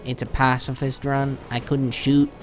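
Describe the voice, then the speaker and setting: A man's voice: mid-range voice, level tone, unhurried, faint music behind. A man doing a casual, rambling voice-over commentary on his own gameplay, often retelling his reactions. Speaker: channel host.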